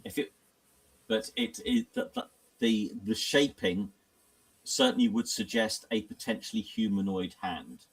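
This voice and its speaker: Gravelly game master man. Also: on the low side, huge pitch swings, measured pace, distant mic. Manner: hesitant, restarting sentences. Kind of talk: running a tabletop game.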